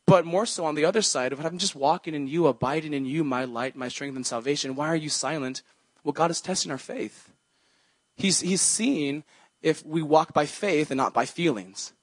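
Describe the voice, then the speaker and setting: A man's voice: on the high side, moderate pace, no echo. A young man preaching a sermon as a pastor, in an earnest, conversational way, quoting scripture as he goes.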